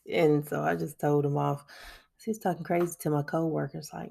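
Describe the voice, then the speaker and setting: In a relaxed screen-recorded walkthrough of her monthly budget, this woman speaks at a moderate pace in a low, mellow, steady voice with vocal fry. She's chatty, addresses her viewers as "y'all," and laughs frequently.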